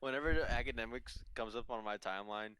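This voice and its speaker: A man's voice: medium pitch, quick pace, pushed and bright, clear, resonant tone, no echo. A young man co-hosting a podcast, chatting bluntly and laughing easily. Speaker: podcast co-host. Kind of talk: casual chat.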